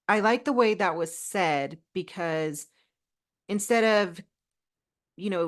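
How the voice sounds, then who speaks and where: A middle-aged woman co-hosting a podcast, telling personal stories in a heartfelt, animated way with many restarts. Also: on the low side, a little slow. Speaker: podcast co-host. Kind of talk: casual podcast chat.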